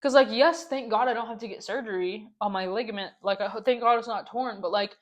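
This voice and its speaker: A young woman hosts her own podcast, speaking a little fast on the high side with hardly any pauses. She vents in a casual story-time ramble, exasperated and ranting, packed with "like" and repeated complaints.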